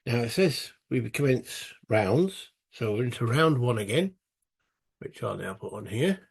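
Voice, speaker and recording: A man's voice: medium pitch, lively intonation, a little slow, vocal fry, husky. A British man narrating a solo tabletop wargame playthrough, chatting and thinking aloud as he goes, with self-mocking asides. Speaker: solo board game player.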